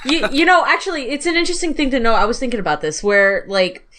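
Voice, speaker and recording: A woman chatting casually on a podcast, talking in quick loose bursts and laughing easily. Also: a little high, fairly bright tone.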